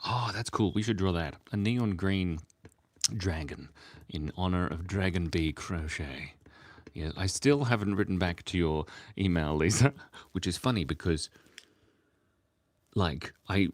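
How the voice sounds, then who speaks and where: Sleepy guy on a live stream, rambly and self-mocking, deep voice that jumps all over. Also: dry recording. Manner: rambling, giggly, self-mocking, talks while drawing. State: sleepy, early morning. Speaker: livestream host drawing for chat. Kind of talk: casual live-stream chat.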